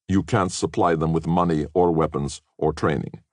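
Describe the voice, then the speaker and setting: A man's voice: extremely low pitch, steady tone, moderate pace, darkish tone, no room sound. A man voicing a stern male spymaster who gives firm instructions. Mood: warning. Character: stern male spymaster Misha giving warnings.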